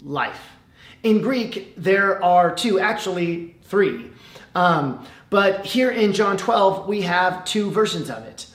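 Man, pastor, sermon, emphatic and measured, fairly high voice, roomy church echo. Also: lively intonation, a bit bright. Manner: emphatic, measured delivery with dramatic pauses.

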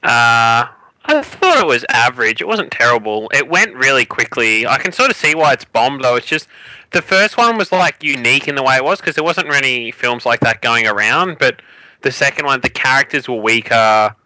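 A man with a sharp, very bright voice gives matter-of-fact film opinions on a casual podcast. The sound is dry and close, with almost no room. His pitch sits in the middle range. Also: animated, moderate pace, no room sound, poor audio. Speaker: podcast guest. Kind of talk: casual film review chat.

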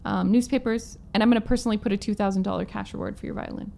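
Female guest musician from Manitoba, animated storyteller, slight fry. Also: mid-range voice, racing, slight background noise. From Manitoba, Canada. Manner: animated storyteller, acts out quotes in her own voice. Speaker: guest musician, violinist and singer. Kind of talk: storytelling in a casual interview.

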